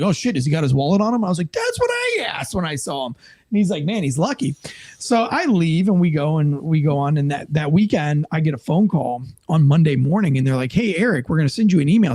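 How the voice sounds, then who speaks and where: Animated man telling a cop story. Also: fairly high pitch, fast talker, dry recording. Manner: animated, acts out quoted voices; swears casually, many fillers. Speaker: police officer guest. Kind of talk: casual storytelling.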